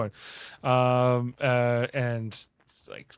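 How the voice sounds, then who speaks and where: A man's voice: mid-range voice, takes it slowly, fairly bright tone, smooth, no echo, studio quality. A man hosting a podcast, recapping an episode scene by scene in a rambling, casual way. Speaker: podcast host.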